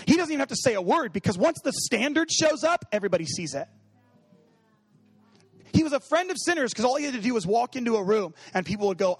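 A preacher with a high-pitched voice, recorded with no echo, gives a casual, funny sermon. He speaks conversationally, acts out little bits of quoted dialogue, and uses plenty of fillers like "you know what I mean."

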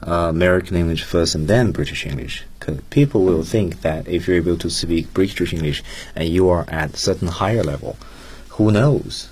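Man, radio language teacher, deep voice, husky, patient explanations. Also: normal speed, darkish tone. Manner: patient, stresses key phrases. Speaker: radio English teacher, co-host. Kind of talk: explaining vocabulary to students.

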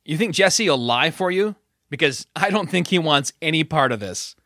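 Man putting on a sarcastic teenage girl, raised and bright. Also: fairly high pitch, lively intonation, normal speed, dry recording, studio quality. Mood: taunting. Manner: mocking, taunting.

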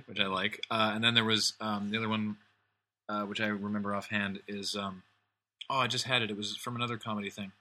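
Low-voiced joking podcast co-host, man. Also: level tone, fairly quick, pushed and bright. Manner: jokey, slips into comic accents. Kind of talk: casual chat.

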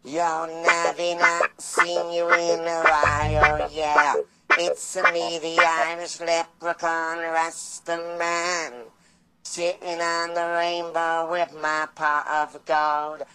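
Brief: cheeky Rasta leprechaun, a man doing the voice, drawled slow and deep, improvised comic song over soft guitar. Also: completely flat delivery, smooth, full character voice. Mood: laid-back boasting. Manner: slow, low, half-sung rambling patter. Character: boastful male Rastafarian Irish leprechaun, mischievous. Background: faint acoustic guitar.

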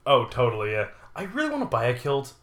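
A man of middle pitch co-hosts a casual podcast in a playful, joking way. He trails off and restarts often. The sound is roomy, with noticeable echo. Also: wildly swooping pitch, fast, fairly bright tone. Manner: playful, jokey, trails off with fillers. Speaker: podcast co-host. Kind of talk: casual chat.

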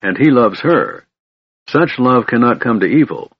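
A man reading the part of a middle-aged human smith in an audiobook, speaking gently and steadily. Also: mid-range voice, lively intonation, unhurried, breathy edge, dry recording, voice pushed up. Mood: gentle. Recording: muffled lo-fi recording.

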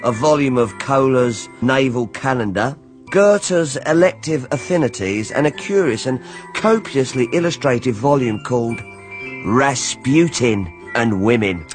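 A man's voice: mid-range voice, lively intonation, measured pace, soft background music, natural voice. A man narrating as a wry, ironic storyteller. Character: wry grown man recalling his childhood. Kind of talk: radio drama narration.

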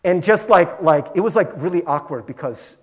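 A male pastor giving a conversational sermon, animated and chatty, peppering his talk with "like" and "right?". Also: fairly high pitch, normal speed.

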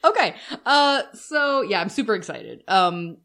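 A woman co-hosting a casual chat, gushing and excitable and quick to laugh. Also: mid-range voice, vocal fry. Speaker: podcast co-host. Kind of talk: casual chat reviewing performances.

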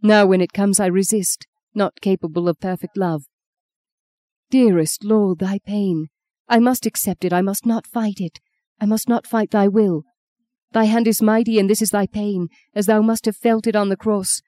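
A woman's voice: mid-range voice, steady tone, moderate pace, dark tone, no room sound, natural voice. A woman reading the part of a young man dying in the sea, in anguished, pleading prayer, as an audiobook character. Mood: prayerful.

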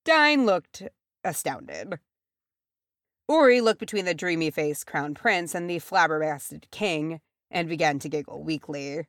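A woman's voice: low-pitched, animated, measured pace, no room sound, clean studio sound. A woman reading a fan fiction chapter aloud as an audiobook, shifting her voice for the characters. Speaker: audiobook reader.

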